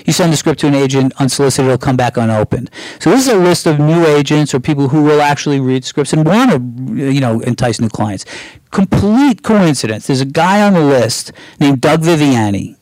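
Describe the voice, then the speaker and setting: A middle-aged screenwriter from Brooklyn, New York, appears as an interview guest, telling candid stories in a fairly high voice. He's an animated storyteller who acts out the voices he quotes and swears casually. The recording is low quality, with no echo.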